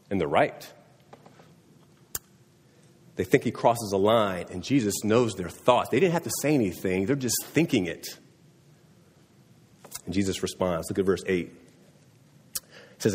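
Husky-voiced man preaching in a reverberant hall. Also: lowish voice, lively intonation, normal speed, long pauses, darkish tone. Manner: conversational, often asking "right?". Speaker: pastor. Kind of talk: sermon.

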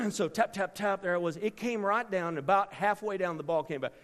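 A middle-aged man preaching a storytelling sermon, with a dramatic delivery that swings from hushed asides to sudden shouts. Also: high-pitched, moderate pace. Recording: long reverb from a large hall.

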